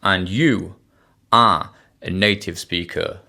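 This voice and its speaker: A man with a somewhat low-pitched voice talks straight to his audience in a casual vlog. He teaches English online, and he keeps undercutting himself with sarcastic jokes and rambling restarts. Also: slow, vocal fry, sharp tone. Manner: jokey, self-mocking and sarcastic. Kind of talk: casual talking-head vlog.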